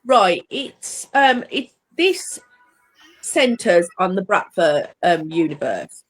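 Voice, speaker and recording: A woman's voice: lowish voice, very animated, slow pace, soft background music, rough recording. A woman author describing her book series with enthusiasm and some rambling. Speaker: author guest. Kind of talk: casual chat.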